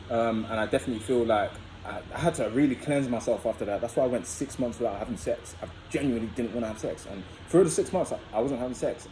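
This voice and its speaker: A man's voice: mid-range voice, warm tone, a little hiss or hum, rough recording. A young man vlogging, telling a personal story in a chatty, casual way and often addressing viewers as guys.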